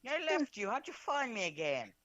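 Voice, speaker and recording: A man's voice: sits high, big pitch swings, a little fast, lo-fi sound, a loud crowd. A man playing a tabletop game, joking and playful in casual chat. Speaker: player.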